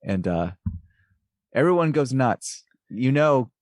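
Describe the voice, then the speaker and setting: A man's voice: medium pitch, sing-song, slow, darkish tone, no room sound, clean studio sound. A man co-hosting a podcast, talking casually about music production with many fillers. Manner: rambling, filler-heavy.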